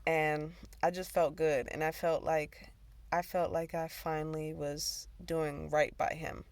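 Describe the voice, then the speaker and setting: Slow-talking woman telling a story. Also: deep voice, flat delivery, darkish tone, no room sound. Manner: profane, rambling, laughs a lot. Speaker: podcast host. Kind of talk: casual storytelling.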